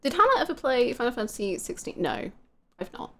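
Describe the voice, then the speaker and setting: A woman's voice: on the high side, big pitch swings, a little fast. A young woman live streaming a video game, chatting casually with her viewers, laughing often and swearing freely. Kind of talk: casual gaming stream chat.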